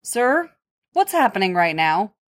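A woman's voice: mid-range voice, very animated, a little slow. A woman voicing a nervous male palace guard in a fan fiction audiobook, asking anxious questions.

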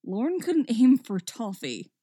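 A woman voicing a grumpy, brooding male puppet who speaks in a low, growling tone in a read-aloud story. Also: wildly swooping pitch, takes it slowly, dark tone, husky, dry recording, studio quality, heavily acted.

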